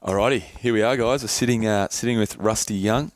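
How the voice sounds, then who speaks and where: A man's voice: fairly low pitch, brisk. A man hosting a podcast, reading ads casually and stumbling over words, cursing his own slips. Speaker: podcast host. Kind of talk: casual podcast chat and ad read.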